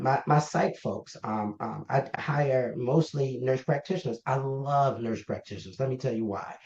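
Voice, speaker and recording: A man's voice: medium pitch, normal speed, creaky, hardly any pauses. A man being interviewed as the founder of a health organization, telling stories and acting out the voices of the people in them. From Baltimore, US. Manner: animated storyteller, acts out quoted exchanges. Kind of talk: conversational interview. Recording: roomy, dull lo-fi sound.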